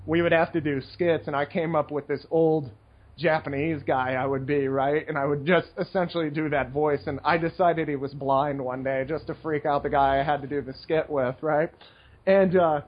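Male podcast host, husky and animated, talks in loose rambling bursts; muffled lo-fi recording. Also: a little high, moderate pace. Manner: excitable, rambling, laughs often. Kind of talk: casual chat.

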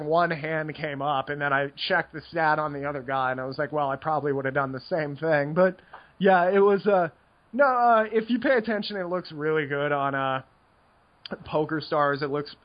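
A man with a fairly high voice chats on a podcast in a loose, rambling way. He laughs a lot and keeps saying "like". The audio is dull and lo-fi. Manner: rambling, laughs often, lots of "like". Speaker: podcast co-host, poker player. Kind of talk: casual chat.

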